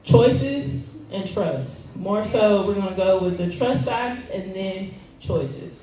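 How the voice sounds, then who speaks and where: A woman gives a casual sermon, chatty and self-deprecating, with laughs sprinkled through. She speaks at an unhurried pace, heard from a distance. The church hall rings with heavy echo. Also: medium pitch, dark tone, slight background noise. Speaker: guest speaker. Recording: echoey hall, recorded from afar.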